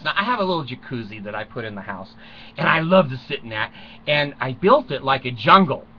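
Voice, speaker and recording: An older man talks on and on in a loose comic monologue, cracking crude jokes at his own expense and chuckling between lines. His voice has a bright, sharp edge. The recording is dull and lo-fi, made in a small closet at home. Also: a little high, very animated, normal speed. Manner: chuckles often, crude self-mocking jokes. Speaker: vlogger.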